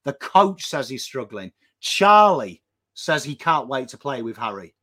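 An English man ranting as co-host of a football fan show, sweary and impassioned, swinging between shouting and low intensity. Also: very animated, measured pace. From England. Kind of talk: fired-up fan rant.

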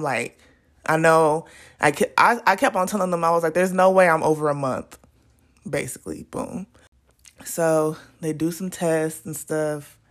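A young woman vlogging, telling a personal story in a rambling, chatty way with laughs and restarts, her voice jumping high when she quotes herself. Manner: animated, jumps high when quoting herself. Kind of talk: casual storytelling.

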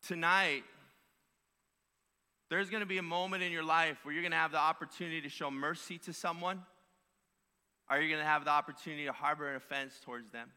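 Pastor, male, bright forceful preaching, repeats lines, big reverberant church sound. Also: a little high, fairly even intonation, brisk, pauses often, smooth. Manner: emphatic preaching with repeated phrases. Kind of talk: sermon. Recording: long hall reverb.

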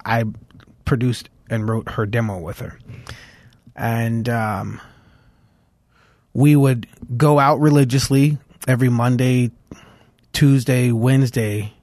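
A man's voice: medium pitch, fairly even intonation, slow pace, pauses often, darkish tone, dry recording, studio quality. A man from Los Angeles, a musician guest, telling stories in a casual interview, with lots of fillers and restarts. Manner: rambling storytelling with many fillers.

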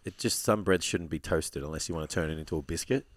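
A man's voice: deep voice, fast, dry recording, studio quality. A man co-hosting a podcast in casual chat, blunt and opinionated, teasing his friend. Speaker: podcast co-host.

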